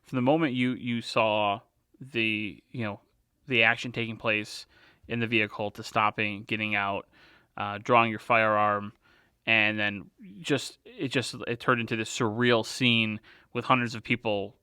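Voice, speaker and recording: Bright, crisp-voiced male podcast host. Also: lowish voice, flat delivery, no echo, clean studio sound. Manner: halting, recaps the guest's story back. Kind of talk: interviewing a guest.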